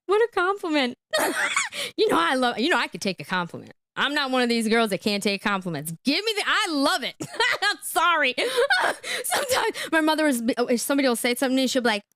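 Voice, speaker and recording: A woman hosting a live reaction stream, chatty and quick to laugh, who keeps checking in with "okay?" as she comments. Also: sits high, fairly bright tone, no room sound, studio quality.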